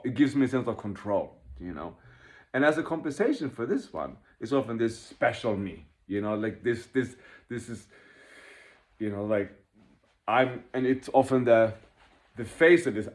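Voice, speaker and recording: A man leading a workshop, talking fast and animatedly, laughing at himself and acting out inner voices as he explains. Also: mid-range voice. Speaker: workshop leader. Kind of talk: informal teaching talk.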